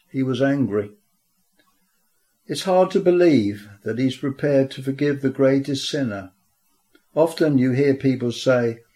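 A man preaching a sermon in a middle-pitched voice. He reads scripture aloud and asks his listeners rhetorical questions. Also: warm tone, low-quality recording. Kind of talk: sermon with prayer.

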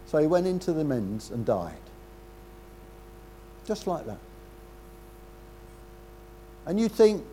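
Man, older, sermon, animated swinging pitch, faint background noise. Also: a little slow, pauses often. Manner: conversational, with rhetorical questions and frequent throat-clearing. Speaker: preacher.

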